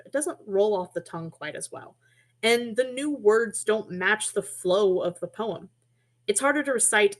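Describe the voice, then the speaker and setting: A woman's voice: medium pitch, a bit bright. A woman presenting an online lesson on poetry and music, explaining in a friendly, casual way with small asides and self-corrections, heard through a computer mic.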